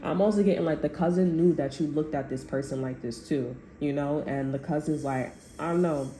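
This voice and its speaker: A woman's voice: low voice, steady tone, a little fast, mellow, faint music behind. A woman giving a casual tarot reading, rambling and profane, with slangy talk and bursts of laughter. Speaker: tarot reader. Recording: echoey room.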